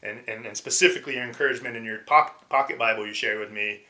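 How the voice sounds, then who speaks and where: A man quoting a weary male prison inmate serving life, speaking quietly and subdued. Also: medium pitch, quick pace. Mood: hopeless, grateful.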